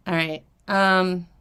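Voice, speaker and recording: A woman's voice: lowish voice, sharp tone, clean tone. A woman hosting a live vintage jewelry auction stream, flustered and rambling, laughing often between fillers and restarts. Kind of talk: casual live-stream chat.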